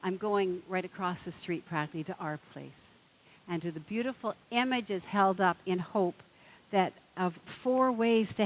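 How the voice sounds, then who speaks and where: A woman's voice: mid-range voice, low-quality recording. A woman minister preaching a sermon in a conversational, storytelling manner.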